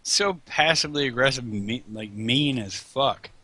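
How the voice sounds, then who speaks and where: A man's voice: mid-range voice, unhurried, sharp tone. A man chatting casually over a game, joking and swearing as he rambles. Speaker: host. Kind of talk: casual chat over gameplay.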